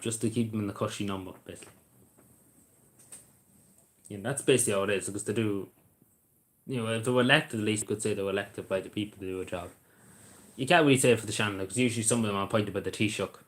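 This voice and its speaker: A man's voice: fairly low pitch, fast, pauses often, fairly bright tone. An Irish man hosting a live stream, chatting casually in a blunt, rambling way and swearing freely, recorded on a camera mic indoors. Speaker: livestream host. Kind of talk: casual chat to a live audience.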